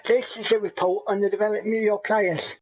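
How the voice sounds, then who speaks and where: A man hosting a football game video, reading out league results in a slow, dry, deliberate way. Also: high voice, little pitch movement, a little mellow, breathy edge, soft background music, poor audio. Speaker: gaming video host.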